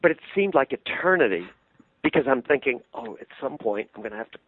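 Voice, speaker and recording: Older puppeteer recalling stories, phone-line sound. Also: male voice, medium pitch, a little fast, no room sound. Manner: animated anecdotes, laughing easily. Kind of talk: interview storytelling.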